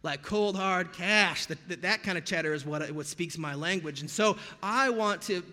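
American male pastor, slightly raised pitch, chatty sermon delivery with jokey asides, echo of a big hall. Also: normal speed, bright, forceful tone. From United States. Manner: conversational, with jokey pop-culture asides.

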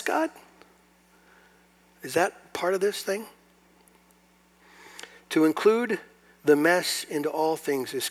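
Pastor, male, slightly high voice; emphatic sermon delivery with quiet asides and rhetorical questions. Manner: swings from quiet asides to loud emphatic preaching; asks the audience rhetorical questions. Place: church hall before a congregation.

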